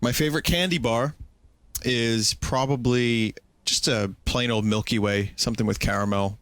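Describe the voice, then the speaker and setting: A man's voice: mid-range voice, fairly even intonation, moderate pace, fairly bright tone, dry recording. A man hosting a podcast, talking in a dry, ironic, mock-serious way. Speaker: streamer and podcast host. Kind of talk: sarcastic comedic chat.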